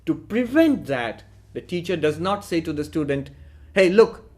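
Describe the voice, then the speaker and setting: A man, a spiritual teacher, giving a deliberate philosophical lecture and posing rhetorical questions. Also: on the high side, big pitch swings, a little mellow.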